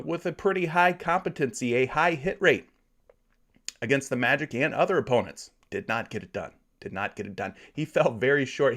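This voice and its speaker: Chatty man hosting a live stream. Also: mid-range voice. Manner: relaxed, chatty, repeats phrases, talks straight to viewers. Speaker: sports betting live stream host. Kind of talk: casual live stream chat reading viewer comments.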